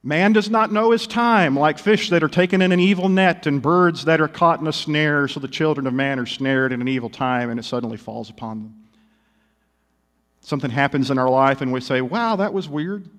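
A man's voice: a little high, steady tone, a little fast, fairly bright tone, big-room sound. A male pastor preaching a sermon, telling stories animatedly with wry humor.

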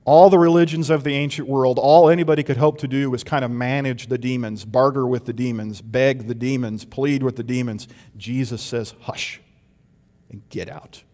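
A man preaching a sermon, swinging from loud emphasis to hushed intensity and asking rhetorical questions. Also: medium pitch, fairly even intonation, fairly quick, few pauses. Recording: long hall reverb.

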